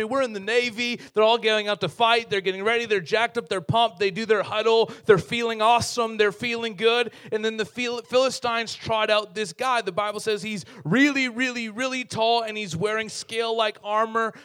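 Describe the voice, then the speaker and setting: High-voiced, lively male preacher. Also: clear, resonant tone. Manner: lively, conversational, humorous storytelling. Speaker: pastor. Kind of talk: sermon.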